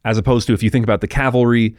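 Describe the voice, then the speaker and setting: A man hosting a history podcast, narrating in a relaxed, explanatory way with asides to the listener. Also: mid-range voice, very fast, no room sound, clean studio sound.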